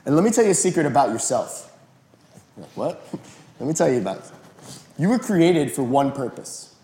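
A male pastor giving a sermon in an animated, conversational way. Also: medium pitch, moderate pace. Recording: roomy echo.

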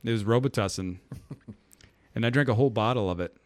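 A man's voice: fairly low pitch, brisk. A young adult man on a podcast, chatting casually and telling a rambling story, acting out the people in it with a raised, goofy voice. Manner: rambling and animated, acts out quotes with a raised goofy voice.

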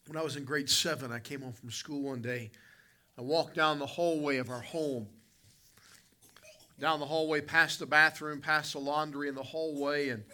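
A man preaching a sermon as pastor, telling a story in an animated way with sudden loud bursts. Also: medium pitch.

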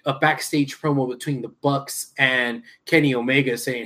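A man chatting on a casual wrestling podcast. He rambles through a story, swears freely and leans on fillers like um and like. Now and then he jumps into a loud mocking shout. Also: mid-range voice, normal speed, hardly any pauses. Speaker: podcast co-host.

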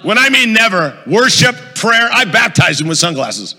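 A man's voice: high voice, sing-song, moderate pace, sharp tone, long reverb tail. A male pastor preaching a sermon, telling a funny story and quizzing the audience as he goes. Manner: storytelling, asks the audience questions, jokey.

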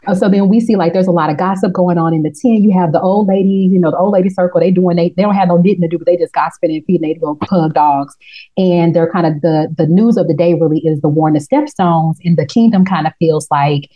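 A woman hosting a casual TV recap chat, telling the story in a slangy, profane, animated way and slipping into quick voices for the characters. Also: on the low side, muffled recording. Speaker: podcast host.

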